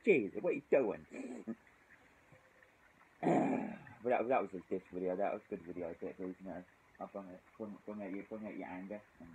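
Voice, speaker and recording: A man's voice: fairly low pitch, a little mellow, a little hiss or hum, poor audio. Sweary British man drinking outdoors. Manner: sweary, rambling, frequent sighs. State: tipsy, shivering from cold. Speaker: drinking vlogger. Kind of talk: casual rambling vlog. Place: outdoors in the cold.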